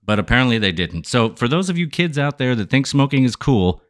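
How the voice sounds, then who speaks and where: A man hosting a podcast with a smooth voice and a playful, showy manner, joking with his listeners. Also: mid-range voice, big pitch swings, fairly quick. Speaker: podcast host.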